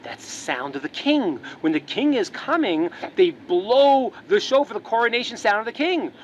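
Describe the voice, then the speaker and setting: A man's voice: sits high, sing-song, moderate pace, dull audio, a little hiss or hum. A man voicing a desperate young prince who pleads urgently to reach his father the king. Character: desperate young prince, fallen on hard times.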